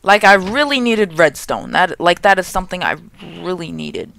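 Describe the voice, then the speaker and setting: A young man hosting a gaming channel, giving jokey, excitable let's play commentary and talking to the game's monsters. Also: high-pitched, moderate pace, creaky, a little hiss or hum.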